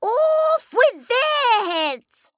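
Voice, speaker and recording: Storybook villain: shrill, screaming queen, slow, bellowed commands. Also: very animated, dry recording, clean studio sound, heavily acted. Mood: furious shouting. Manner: barking, screaming orders. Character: furious shrieking adult female queen, tyrannical. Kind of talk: storybook reading.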